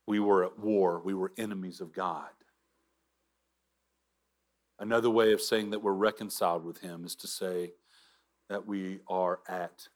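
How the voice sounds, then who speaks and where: A man preaching a sermon as pastor, earnest, with halting restarts and drops to a near whisper for emphasis. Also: fairly low pitch.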